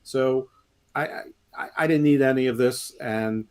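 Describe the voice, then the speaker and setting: A man's voice: medium pitch, measured pace, a little mellow, smooth. A man in casual podcast chat, ranting with strong opinions about a wrestling show. He stammers, restarts his sentences and rambles on at length. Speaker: podcast co-host, wrestling pundit.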